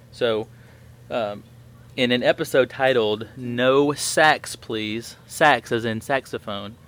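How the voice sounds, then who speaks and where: A man's voice: fairly low pitch, fairly bright tone. A man in his thirties hosting a podcast, telling a story in a rambling way with many fillers and restarts. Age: 30s. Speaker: podcast host. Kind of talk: casual chat.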